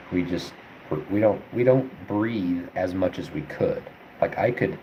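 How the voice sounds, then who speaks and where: Deep-voiced young man thinking aloud. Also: background noise. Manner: rambling, thinks aloud with many fillers. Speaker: veterinary student streamer. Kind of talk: casual study livestream, answering chat.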